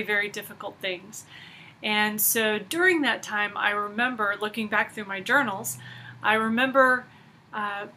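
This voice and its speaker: Woman conference speaker; high clear voice, slow and earnest, soft trailing phrases. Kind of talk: faith talk to camera.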